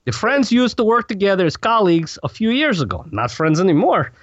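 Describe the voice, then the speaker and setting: A man's voice: high-pitched, fairly quick, no echo. A man voicing a gloomy Russian news reader in a put-on Russian accent, dropping his articles. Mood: deadpan. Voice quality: dropped articles, flat delivery. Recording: dull dry lo-fi audio.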